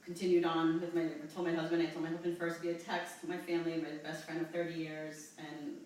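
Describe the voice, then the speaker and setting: A woman from New Jersey in her forties, telling a personal story in an interview with halting, rambling speech and many fillers. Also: low-pitched, flat delivery, a little mellow, far from the mic. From New Jersey, USA. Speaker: interview guest. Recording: echoey room, voice from off-mic.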